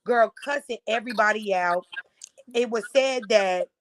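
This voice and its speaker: Brief: woman host, casual storytelling, profane and animated, slightly high voice, dry close sound. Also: unhurried, no room sound. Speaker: vlog host recounting an audition.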